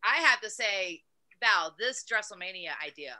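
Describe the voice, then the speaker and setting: A woman's voice: mid-range voice, lively intonation, normal speed, sharp tone. A woman co-hosting a casual talk show, talkative and gushing. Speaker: co-host. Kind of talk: casual chat.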